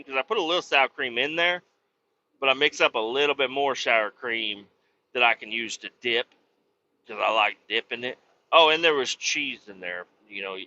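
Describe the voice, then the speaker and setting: Profane, animated man telling a story. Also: medium pitch, lo-fi sound, slight background noise. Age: adult with kids. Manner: profane, animated, breaks into loud exclamations. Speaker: podcast host. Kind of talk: casual storytelling monologue.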